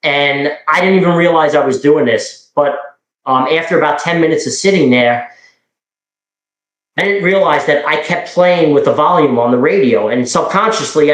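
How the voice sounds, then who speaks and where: Middle-aged new york guy telling old cop stories, rambly, lots of quoted back and forth, roomy sound. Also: mid-range voice. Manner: rambling, animated, with frequent restarts and quoted dialogue. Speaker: podcast guest telling police stories. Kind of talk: casual storytelling.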